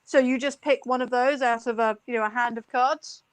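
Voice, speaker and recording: A woman's voice: on the high side, fairly even intonation, moderate pace, no echo. A woman chatting as a guest on a video call, easygoing and reassuring. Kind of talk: casual chat.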